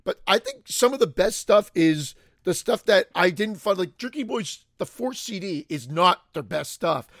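A man's voice: sits high, expressive, moderate pace, few pauses, a bit bright, no room sound, studio quality. A man co-hosting a podcast, chatting casually in a rambling, profane way and laughing easily. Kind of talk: casual chat.

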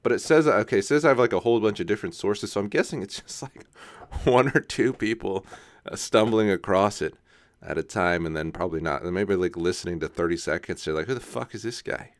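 A man's voice: sits low, a little fast, dry recording. A young man hosting a solo podcast, rambling casually, often laughing at himself and checking in with "right?". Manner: casual, self-mocking, laughs often, says "right?" a lot. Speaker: podcast host.

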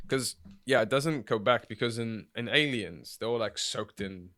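A man's voice: mid-range voice, moderate pace, dry recording. A man co-hosting a casual film podcast, laughing and swearing as he talks. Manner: laughing, swearing, lively asides. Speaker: podcast co-host.

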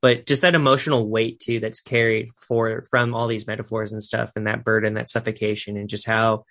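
A man's voice: on the low side, level tone, a little fast, a bit bright. A Canadian man co-hosting a podcast, chatting casually and enthusiastically about a film, rambling with fillers. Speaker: podcast co-host. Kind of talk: casual film review chat.

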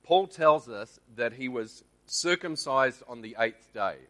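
Bright-voiced Australian man teaching in church. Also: medium pitch, expressive, a little slow. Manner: conversational, checks in with the audience. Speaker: lay preacher.

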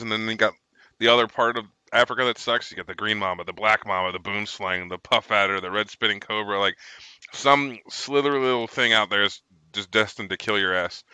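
Man, army veteran, casual talk, slightly low, dry close sound. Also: fairly even intonation, a little fast, sharp tone, clean tone, dry recording, poor audio. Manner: rambling, profane storyteller. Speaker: military veteran guest. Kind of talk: casual chat.

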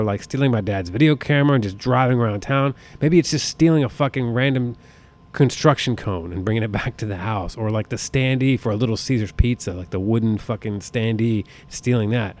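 A podcast host, an American man in his thirties with a mid-range, slightly mellow voice, rants casually. His delivery is profane, rambling, and exasperated.

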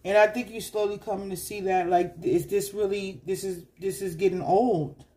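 A tarot reader speaks straight to the listener in a relaxed, street-casual reading. The voice is warm and mellow, and the talk loops and repeats itself as it coaxes and urges. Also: medium pitch, moderate pace. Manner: loose, repetitive, coaxing, street-casual.

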